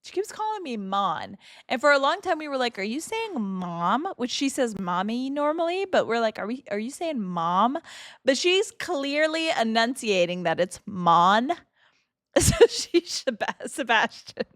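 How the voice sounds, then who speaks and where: Slow, lively-voiced woman streamer. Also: on the high side, dry recording, clean studio sound. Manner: blunt, profane, joking asides. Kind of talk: casual gameplay commentary.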